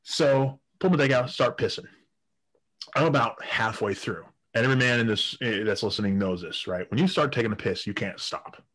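A man's voice: medium pitch, moderate pace, fairly bright tone, breathy edge. A man telling crude stories in a casual podcast chat, laughing often and restarting his sentences. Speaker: guest storyteller.

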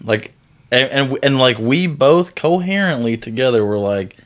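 A man's voice: medium pitch, animated, a little slow. A man co-hosting a casual podcast, joking around in a laid-back way. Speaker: podcast co-host. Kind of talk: casual chat.

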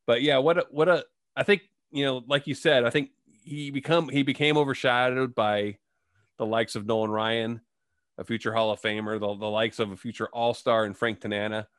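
A man's voice: mid-range voice, fairly even intonation, normal speed, a bit bright, dry recording. Man hosting a dry sports chat. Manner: reads stats, asks questions. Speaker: host. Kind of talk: casual sports talk.

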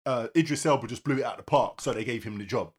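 A man's voice: medium pitch, racing, breathy edge. A man co-hosting a podcast, chatting casually in slang and often repeating himself. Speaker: podcast co-host. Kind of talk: casual banter.

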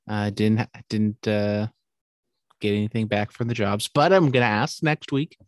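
A man's voice: fairly low pitch, fairly even intonation, normal speed, no room sound, clean studio sound. A young man from California co-hosting a casual podcast, teasing his friend and swearing offhandedly. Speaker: podcast co-host.

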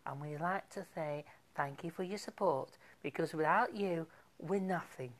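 A woman's voice: deep voice, moderate pace. A woman hosting a comic community radio show, chatty and theatrical, gushing over each song and making asides to a helper. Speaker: radio DJ host.

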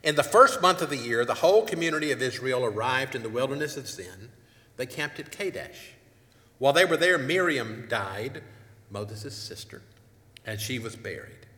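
Preacher with a bright voice in an echoey hall. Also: male voice, mid-range voice. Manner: earnest, asks the congregation questions. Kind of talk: sermon with scripture reading. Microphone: wireless mic. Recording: echoey hall with long reverb.

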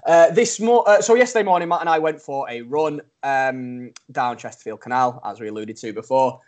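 A man's voice: mid-range voice, normal speed. A young man, telling a funny story in casual podcast chat, laughing often and mocking himself. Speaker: podcast co-host.

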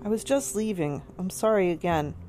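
A woman reading aloud, voicing a gentle, polite female service dog who speaks earnestly. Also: mid-range voice, animated, moderate pace, natural voice. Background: soft guitar music.

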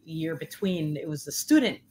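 A woman in her forties, a guest in a casual interview, telling stories with lots of fillers and lively quoted voices. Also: moderate pace, a little hiss or hum. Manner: animated, many fillers, acts out quotes in a higher voice. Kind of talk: casual storytelling chat.

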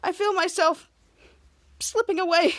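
Lady quoting a grown superhero guy, big melodrama, squeaky high. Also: fairly even intonation, measured pace, fairly bright tone. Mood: melodramatic. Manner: paraphrased quotes read with a raised pitch. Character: adult male superhero, melodramatic.

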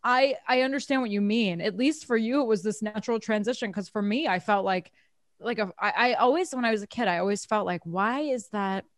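A woman's voice: medium pitch, a little fast, no room sound, studio quality. A woman in casual group conversation, talking animatedly, laughing often and acting out what others said.

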